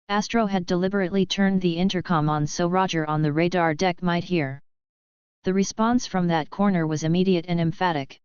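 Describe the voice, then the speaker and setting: Very clear, low-voiced woman narrator. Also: steady tone, fairly quick, no echo, lo-fi sound. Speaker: audiobook narrator. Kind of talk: scripted narration.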